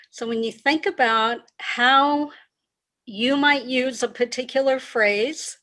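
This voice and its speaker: A woman executive coach, a podcast guest, explaining ideas in a measured way and repeating key phrases. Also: a little high, fairly bright tone. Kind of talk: conversational interview.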